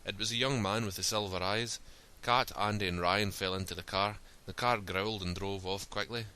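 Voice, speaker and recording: Low-voiced man reading a story. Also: fairly even intonation, normal speed, pushed and bright, smooth. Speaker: narrator.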